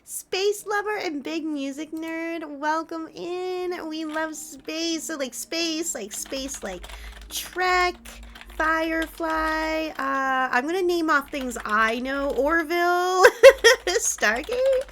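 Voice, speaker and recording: Giggly high-voiced young woman streamer. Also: animated, slow. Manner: gushing, giggly, greets chat warmly. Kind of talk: casual live-stream chat.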